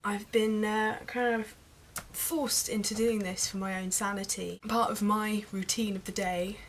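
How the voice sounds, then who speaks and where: A woman's voice: medium pitch, steady tone, unhurried, slight background noise, low-quality recording. A young woman from Britain rants in a vlog, rambling and exasperated, with many ums and uhs. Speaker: vlogger. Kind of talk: ranting vlog monologue.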